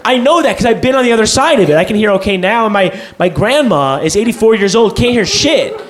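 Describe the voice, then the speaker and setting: A young man with a high, expressive voice races through a rambling, profane, self-deprecating stand-up set before a live audience. It's a live club recording full of loud crowd noise.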